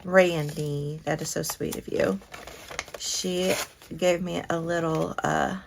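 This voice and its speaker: A woman's voice: on the low side, vocal fry. A woman from Kentucky, chatting casually and gushing as she hosts a crafting unboxing vlog. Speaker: crafting channel host.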